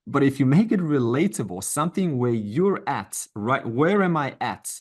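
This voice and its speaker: Teaching Vedanta to an online class, a middle-aged man speaks at normal speed in a mid-range, sing-song voice. The informal lecture is conversational and encouraging, sprinkled with asides and quoted voices.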